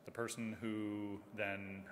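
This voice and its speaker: Low-voiced man doing a mic check in a hall. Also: little pitch movement, slow pace, a little hiss or hum. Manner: counting into the mic, demonstrating loud and soft speech. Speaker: event sound technician. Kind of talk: mic check and run-through. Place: large event hall with a stage. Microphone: stage microphone through a PA.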